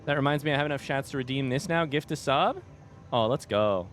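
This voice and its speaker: This brisk, mid-range male voice comes over soft background music. He's live-streaming a game from home through a desk mic, chatty with viewers, reading their comments aloud and cooing at a baby.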